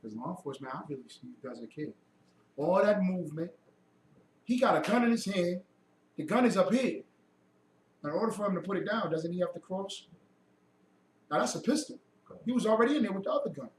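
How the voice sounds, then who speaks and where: High sharp-voiced guy preaching to a group, mocking rhetorical questions, echoey room, mic far off. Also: expressive, a little fast, pauses often, a little hiss or hum. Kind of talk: heated lecture to a group.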